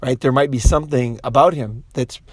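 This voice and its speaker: A man's voice: mid-range voice, fairly quick, no echo, clean studio sound. A man in a casual, profane monologue who rambles, restarts often and puts on voices when he quotes people. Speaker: commentator.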